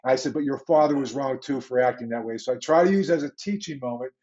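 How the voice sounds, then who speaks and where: A man's voice: medium pitch, fast talker, lo-fi sound. A man in his sixties with a Pittsburgh accent, a former football coach telling stories in an interview and acting out the conversations he recalls. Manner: animated anecdotes, acts out quoted exchanges. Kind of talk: storytelling interview.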